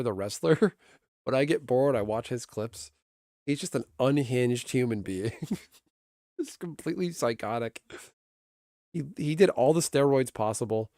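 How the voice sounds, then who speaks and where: A man's voice: mid-range voice, a little mellow, no room sound, studio quality. Rambling, laughing streamer guy. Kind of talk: casual livestream chat.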